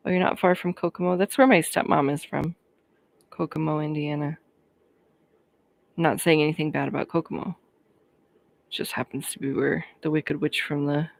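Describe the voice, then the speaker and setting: Deep-voiced and recorded with no room sound, a thirtysomething woman from Colorado chats casually on her livestream. She responds to viewers' comments in a friendly, chatty way, laughing easily.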